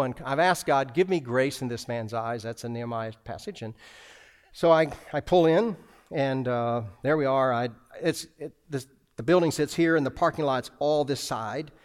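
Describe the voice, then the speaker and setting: A man preaching a sermon as a pastor, telling a personal story with lots of restarts and acted-out dialogue. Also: medium pitch.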